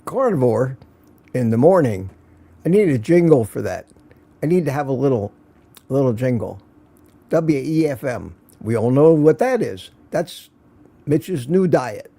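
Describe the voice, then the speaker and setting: A man with a mid-range, dark, slightly breathy voice hosts a casual morning livestream from his home studio. He's very animated yet speaks at a measured pace with long pauses, greeting viewers by name and joking as he reads their comments aloud in a chatty way.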